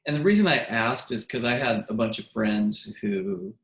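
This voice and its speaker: A man's voice: lowish voice, animated, moderate pace. A man, a musician and interview guest, tells stories animatedly, acts out quotes and often restarts his sentences. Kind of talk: casual interview storytelling. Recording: echoey room.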